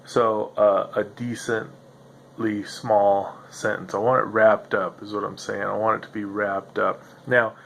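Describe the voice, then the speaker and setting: A man's voice: on the low side, flat delivery, measured pace, gravelly, fairly bright tone, slight background noise. A man hosting a solo podcast, musing in a meandering, self-interrupting way with a slightly nasal voice. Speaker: podcast host. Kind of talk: rambling solo monologue.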